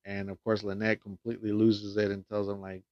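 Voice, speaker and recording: A man's voice: lowish voice, monotone, a little fast, no room sound. A man giving a casual plot recap and review of a film, rambling with lots of fillers and restarts and frequent swearing. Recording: dull lo-fi dry sound.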